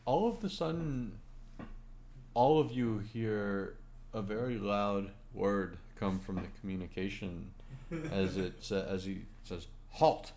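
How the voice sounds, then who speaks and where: A man narrating as game master of a tabletop game, halting with many fillers. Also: on the low side, a little mellow.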